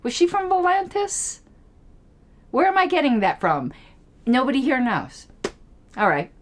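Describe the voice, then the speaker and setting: A woman chatting on her own about a TV episode, her pitch rising and falling in lively swoops. She rambles, laughs easily, and mutters to herself while hunting for names she can't recall. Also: unhurried. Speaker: political commentary channel host. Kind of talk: casual solo TV episode discussion.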